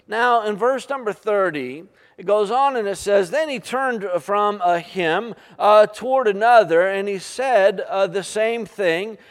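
An older man preaching a sermon, halting and full of uh fillers and restarts. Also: high voice, smooth, big-room sound. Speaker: pastor.

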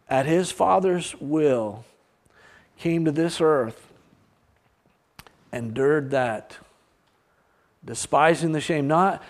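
A man preaching a sermon with fervor, rising to loud emphatic peaks and dropping to quiet, low passages, with halting restarts.

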